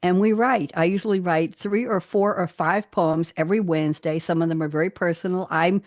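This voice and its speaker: A woman's voice: fairly low pitch, steady tone, brisk, dry recording, studio quality. A woman guest on an interview show, chatting cheerfully, laughing often and reading her own poems aloud. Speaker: guest poet.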